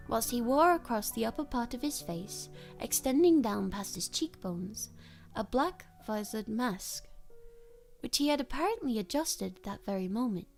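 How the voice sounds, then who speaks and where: Chill lady reading a story on stream, kinda high voice, soft music under. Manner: relaxed, stumbles and corrects herself.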